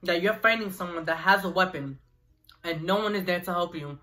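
A young man putting on the voice of a tough, no-nonsense mother who yells orders. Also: lowish voice, a little fast, poor audio. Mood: stern. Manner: yelling orders.

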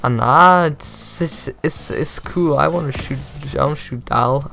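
A man's voice: on the high side, unhurried, vocal fry, bright, forceful tone, faint music behind. A young man giving jokey, rambling commentary on a video game reveal as a gaming YouTuber.

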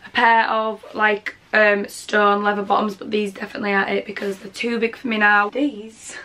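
A young woman with a Yorkshire accent chatting excitedly to camera at home as she sorts her things. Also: mid-range voice, a little fast. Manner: chatty and excitable, talks to camera while sorting. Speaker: vlogger. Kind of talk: casual vlog chat. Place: bedroom at home.

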